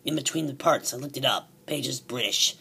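Gravelly, cursing young man ranting. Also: mid-range voice, brisk, slight background noise. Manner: excitable, swearing, repeats words. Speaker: wrestling show reviewer. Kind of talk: profane rant.

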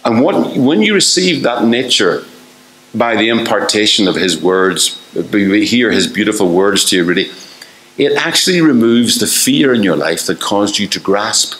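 An older man preaches in a low voice, firing off rhetorical questions and slipping into the voices he quotes. The sound rings around an echoey church hall. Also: expressive, moderate pace, fairly bright tone. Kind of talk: sermon.

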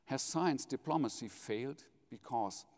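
Middle-aged German-accented man, podium welcome speech, measured and jovial, big reverberant hall. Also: medium pitch, a little mellow. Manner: measured, jovial, polls the audience. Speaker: foundation president giving opening speech. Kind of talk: formal welcome speech with light humor. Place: large university hall, live audience.

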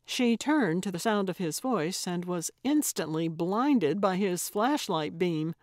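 Unhurried woman audiobook narrator. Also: on the low side, animated, a little mellow, dry recording, clean studio sound. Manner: measured, unhurried storytelling. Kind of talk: scripted narration.

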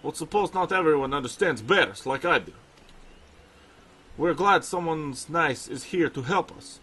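A man's voice: fairly high pitch, animated, unhurried, fairly bright tone, slightly rough, exaggerated voice. A man voicing a kindly, chatty male bear trainer with a put-on Russian accent and old-fashioned phrasing, reading game dialogue aloud. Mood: reassuring.

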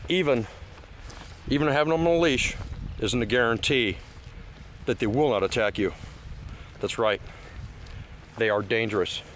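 A man talks his way through a park tour outdoors, rambling and full of fillers and restarts, now and then worked up and preachy. His voice sits at an ordinary middle pitch, with faint background noise underneath. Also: a bit bright. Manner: rambling, hesitant with many fillers, turning heated and preachy. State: emotional, teary at times. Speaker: vlogger giving a park tour. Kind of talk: casual one-take outdoor vlog talk. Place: outdoors at a lakeside state park.

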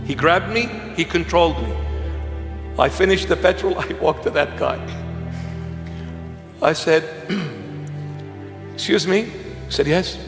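Slow-speaking preacher man in an echoey hall. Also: on the high side, expressive. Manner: humorous, with laughs and self-mockery. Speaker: bishop preaching. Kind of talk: sermon storytelling. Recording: echoey hall with music behind.

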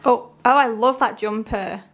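Woman, unboxing vlogger: higher-pitched, slow and chatty, emotional and rambling. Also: slight background noise. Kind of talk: casual unboxing commentary.

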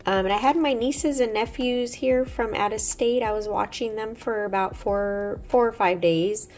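A woman's voice: fairly high pitch, moderate pace, darkish tone. Chatty woman with a sore throat. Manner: chatty, rambling, many fillers. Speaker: nail art vlogger. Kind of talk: casual chat. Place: home, indoors.

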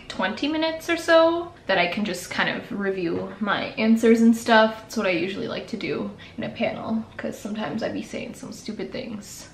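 A young woman chatting casually and playfully through a makeup tutorial in her apartment, laughing often. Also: on the high side. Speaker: beauty vlogger. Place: apartment room. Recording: echoey room, faint background noise.

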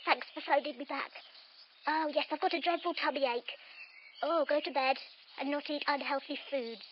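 A woman voicing a chatty young male caterpillar with a tummy ache, talking in quick, chirpy phone chatter. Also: high voice, fairly even intonation, slight background noise, natural voice. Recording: slightly dull lo-fi audio.

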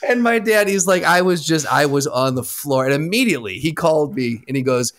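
A man's voice: on the high side, lively intonation, fairly quick, fairly bright tone. Man telling a casual story. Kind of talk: casual podcast chat.

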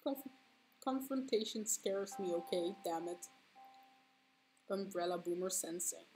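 A woman's voice: fairly low pitch, a little slow, a little mellow, soft background music, poor audio. A woman in her twenties chatting casually while drawing on stream, swearing freely and breaking into squealing laughs when flustered. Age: 20s. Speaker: streaming artist.

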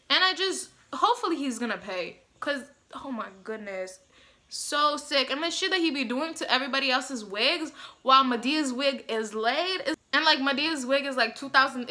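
A woman's voice: on the high side, pushed and bright. A woman vlogger ranting bluntly and heatedly to the camera, swearing freely as she gives her opinions. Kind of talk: casual opinion rant to camera.

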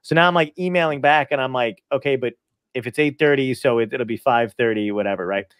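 A man's voice: medium pitch, fast talker, smooth, dry recording, studio quality. A man hosting a podcast in casual chat, telling rambling anecdotes, swearing freely and laughing often. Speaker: podcast host.

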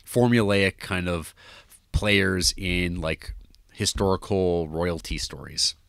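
A man's voice: deep voice, fairly even intonation, takes it slowly, gravelly, a bit bright, no room sound. A man co-hosting a podcast, chatting casually about a film with lots of fillers and restarts. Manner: rambling, many fillers and restarts. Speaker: podcast co-host. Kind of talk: casual film review chat.

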